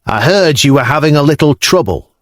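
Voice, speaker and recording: A man doing a confident young Norse jarl, frank and easygoing, in close to his own voice. His pitch moves lively across the lines in a dry, close storybook read. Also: a little fast, no echo, natural voice. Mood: wry.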